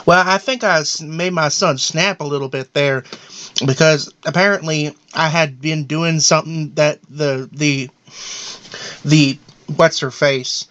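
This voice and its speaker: A man's voice: a little high, fairly even intonation, unhurried, a bit bright, a little hiss or hum. A man voicing a paranoid, boastful middle-aged cartoon dad in a rambling, self-important comedic monologue. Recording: dull lo-fi audio.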